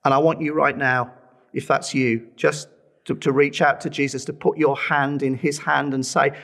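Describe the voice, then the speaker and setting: A man's voice: mid-range voice, little pitch movement, moderate pace, gravelly, a bit bright. A middle-aged man preaching a sermon, telling a personal testimony with earnest feeling and pleading with listeners to respond.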